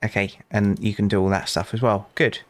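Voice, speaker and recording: A man's voice: fairly low pitch, flat delivery, a little fast, dry recording. A young British man casually commentating a game, chatting to customers and telling rambling anecdotes with dry asides. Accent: British English. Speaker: gaming channel host. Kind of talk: casual let's play commentary.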